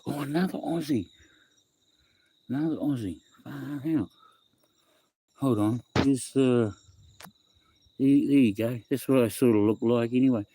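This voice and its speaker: A man's voice: mid-range voice, a little slow, long pauses, warm tone, breathy edge. A young man with a New Zealand accent chatting on a home livestream, rambling through a story and greeting viewers by name. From West Auckland, New Zealand. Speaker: livestream host. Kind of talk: casual livestream chat.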